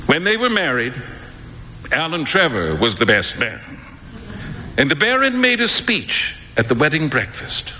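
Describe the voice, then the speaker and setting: A man giving an expressive, measured dramatic reading of a story on stage. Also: on the high side, in a large hall, slight background noise.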